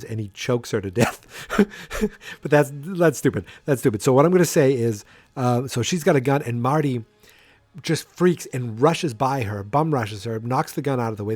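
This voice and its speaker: A man hosting a solo podcast who rambles, restarts his sentences and slips into little acted-out scenes. His voice sounds dry and close, with no room around it, at an ordinary middle pitch. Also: a little mellow, no room sound. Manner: rambling, self-interrupting, acts out scenes. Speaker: podcast host.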